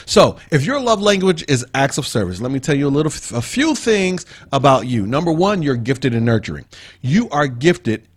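A man's voice: mid-range voice, big pitch swings, normal speed, breathy edge. Man teaching in a preachy, repeating way. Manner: preachy, explains with repetition and asides. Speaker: podcast co-host. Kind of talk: casual teaching talk.

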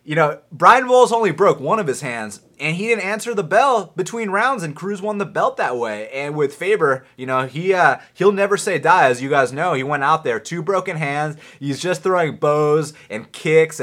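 A man's voice: a little high, a bit bright. A young adult man hosting a podcast, talking casually and animatedly about fights, with lots of fillers and swearing. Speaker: podcast host. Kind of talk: casual sports talk.

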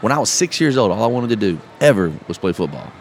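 Guy talking quick, low-ish voice, says bro a lot, faint noise behind. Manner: animated storyteller, calls listener bro. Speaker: podcast host and speaker. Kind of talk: casual storytelling chat. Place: live podcast event.

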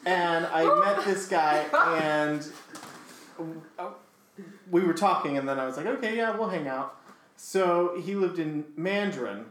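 A man's voice: fairly high pitch, a little slow, slight background noise. A man on a podcast telling a funny story in a casual way, laughing and acting out voices as he goes. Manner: animated, laughing, acts out voices in his stories. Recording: echoey room.

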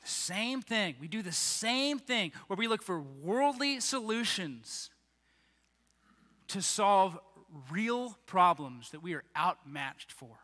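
A man preaching a sermon as a pastor, animated and acting out the voices of the people he quotes. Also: sits high, slow. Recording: long reverb of a large hall.

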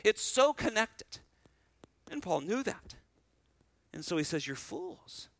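High, bright-voiced man preaching a sermon. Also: dry recording, poor audio. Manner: reads scripture aloud slowly, then explains briskly; animated, swings between loud and soft. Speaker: pastor. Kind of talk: expository sermon.

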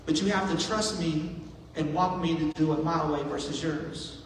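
Pastor, male, higher voice, conversational sermon, picked up from a distance in a reverberant church. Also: steady tone, normal speed, a little hiss or hum. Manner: conversational preaching with acted-out asides. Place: church sanctuary. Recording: echoey hall from far off.

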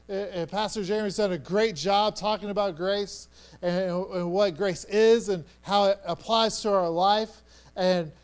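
A middle-aged man delivers a sermon in a high, smooth voice. He talks like he is chatting, stumbling over repeated words and restarting often. He drops to a near hush and then rises to loud emphasis. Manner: conversational, stammering restarts, swings from hushed to loud. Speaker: pastor.

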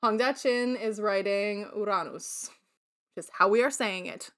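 A woman's voice: medium pitch, measured pace. A woman from Central New York co-hosting a podcast, chatting casually, laughing often and telling stories with animation. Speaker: podcast co-host. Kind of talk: casual chat.

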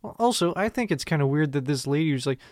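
Male comedian co-host throwing in quick jokes, slightly high voice, dry close sound. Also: animated, a little mellow, no room sound. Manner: quick joking interjections, laughing often. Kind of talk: casual comedy podcast chat.

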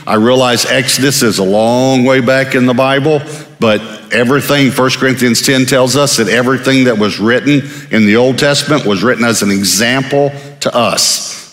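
Emphatic Texas pastor in an echoey hall. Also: male voice, medium pitch, a bit bright. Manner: emphatic, conversational preaching with repeated words. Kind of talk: sermon.

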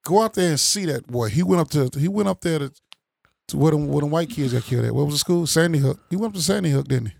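A man from the Chicago area in a heated casual political chat, blunt and profane, often getting loud and animated. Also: fairly high pitch, quick pace, creaky, no echo, studio quality. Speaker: panel commentator.

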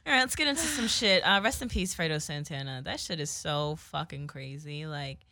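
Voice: medium pitch, fairly quick, pushed and bright, a little hiss or hum. A young podcast co-host talking casually and loosely, with plenty of swearing. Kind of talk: casual chat.

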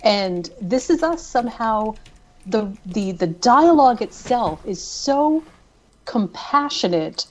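A woman's voice: a little high, big pitch swings, slow pace, a little mellow. A woman co-hosting a casual chat, thoughtful and admiring, repeating words as she thinks. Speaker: podcast co-host.

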